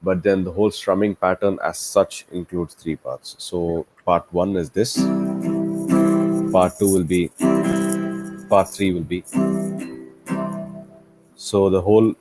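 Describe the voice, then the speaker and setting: A man with a very low voice teaches a one-to-one guitar lesson. He explains patiently, breaking the pattern into parts and counting the beats aloud. Clear guitar playing runs under his speech. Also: steady tone, slow pace, long pauses. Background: acoustic guitar playing.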